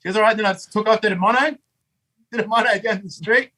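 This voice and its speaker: A man's voice: high voice, fast, sharp tone, low-quality recording. An Australian man telling a rambling story as a podcast guest, swearing often and full of energy. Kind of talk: casual storytelling.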